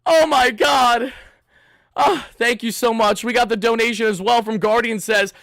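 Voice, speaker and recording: A man's voice: very high-pitched, moderate pace, vocal fry, no room sound, clean studio sound. Hyped young man hosting a fan livestream. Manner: hyped, loud, shouting and thanking donors. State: sweaty and worked up. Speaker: host of a fan live stream. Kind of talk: excited postgame livestream chat.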